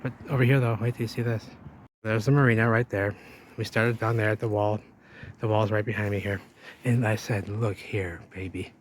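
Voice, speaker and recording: A man's voice: on the low side, level tone, a little fast, slight background noise. A man narrating an exploring vlog outdoors, rambling to viewers while he walks and points things out. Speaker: vlogger. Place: outdoors by a river wall.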